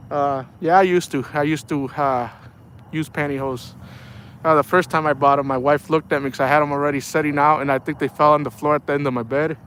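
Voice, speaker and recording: A man's voice: a little high, fairly bright tone, a little hiss or hum. Laid-back man rambling while fishing. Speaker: fishing livestreamer. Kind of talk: casual live chat while fishing. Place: outdoors by the water.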